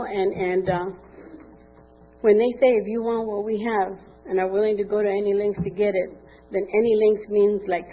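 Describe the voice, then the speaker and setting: A woman's voice: medium pitch, husky. An older woman telling her recovery story candidly at a meeting, acting out quoted dialogue. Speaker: speaker sharing at a recovery meeting. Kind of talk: personal testimony. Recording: tinny phone-like recording with faint noise.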